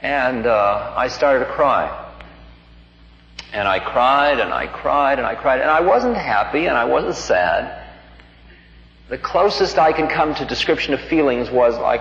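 A man giving a spiritual talk, telling a personal story in an unhurried, reflective way and livening up the quoted lines. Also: mid-range voice, lively intonation, vocal fry, a bit bright. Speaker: spiritual teacher. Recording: dull lo-fi recording in a reverberant hall.

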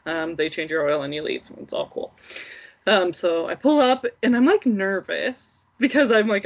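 A woman's voice: mid-range voice, normal speed. Chatty millennial woman telling a story. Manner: animated storytelling with playful quoted voices. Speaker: podcast co-host. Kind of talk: casual chat.

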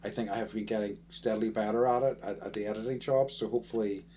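A man's voice: fairly low pitch, steady tone, fast talker, warm tone, slight background noise. A man co-hosting a casual podcast chat, rambling and self-correcting as he talks, often breaking into laughter. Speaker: podcast co-host.

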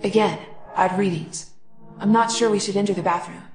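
A woman voicing a calm scanning AI assistant that speaks in a matter-of-fact, advisory way. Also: mid-range voice, normal speed, echoey room, faint music behind, natural voice. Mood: warning.

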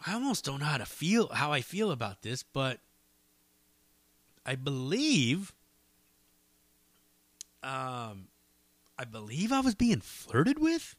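A man's voice: medium pitch, sing-song, slow pace, pauses often, no echo. A man hosting his own podcast solo, rambling casually with lots of swearing and self-deprecating asides. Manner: rambling, profane, self-deprecating, many fillers. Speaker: podcast host.

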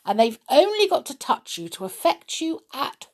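A woman voicing a kindly female witch in a children's storybook reading, explaining things in a calm, reassuring way. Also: sits high, normal speed, pitched above the performer's own voice. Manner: gently reassuring, explaining patiently.

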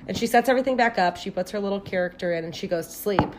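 A woman's voice: mid-range voice, racing, slight background noise. A woman co-hosting a podcast, recounting a movie plot step by step with amused commentary. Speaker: podcast co-host. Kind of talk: casual chat recapping a movie plot.

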